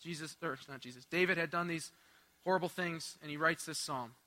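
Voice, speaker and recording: A young man preaching a sermon, telling a personal story in an animated way with asides and laughs. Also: on the high side, brisk.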